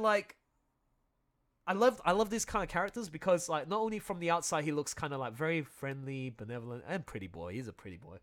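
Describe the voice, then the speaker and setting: A man chatting excitedly through commentary on his own audio drama, often laughing as he talks. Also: sits high. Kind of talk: casual commentary livestream.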